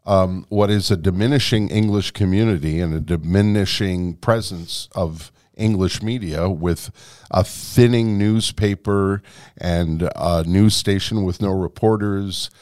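A man hosting a casual interview chat, agreeable and quick to back up his guest. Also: low voice, darkish tone. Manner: agreeable, frequent backchannel "right". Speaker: host.

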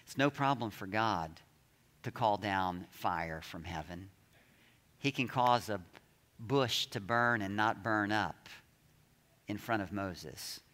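A man preaching a sermon, reading scripture aloud and dramatizing the shouts of the story. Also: fairly low pitch, takes it slowly, long pauses, big-room sound. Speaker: pastor.

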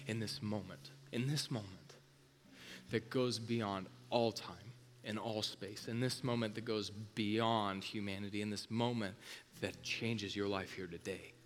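A male pastor delivering an intense sermon, driving home points with repetition and swinging from loud emphasis to a hush. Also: on the low side.

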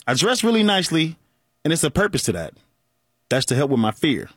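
Talk host, man in his 40s, animated, slightly husky, dry close sound. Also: on the high side, a little fast, dry recording. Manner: animated, joking, laughs often. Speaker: radio show host. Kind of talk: call-in talk show monologue.

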